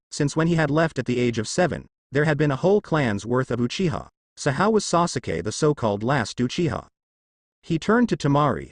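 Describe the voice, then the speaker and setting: A man's voice: medium pitch, dry recording, studio quality. A man reading a fan fiction story aloud, casual, adding his own asides. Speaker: narrator.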